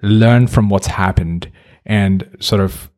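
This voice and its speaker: A man from Nepal hosts an easygoing podcast chat, his voice sitting a little low. He speaks earnestly and reflectively, pausing to gather his thoughts. He asks his guest open questions. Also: a little mellow. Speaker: podcast host. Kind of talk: casual conversation.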